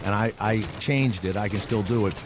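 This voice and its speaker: A man's voice: lowish voice, moderate pace, noisy background. An older man hosting a radio talk show. He teases his guest with crude jokes and laughs often. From New Orleans, USA. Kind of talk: casual radio banter.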